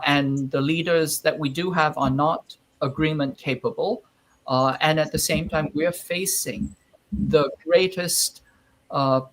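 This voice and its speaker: A man giving sardonic, measured political commentary as a panel guest, with frequent fillers. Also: a little high.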